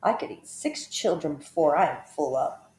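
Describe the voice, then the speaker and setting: A woman voicing a greedy, scheming male crocodile who mutters slowly and slyly to himself. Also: sits low, animated. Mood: sly hungry. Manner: slow, hushed, sly muttering. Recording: roomy echo.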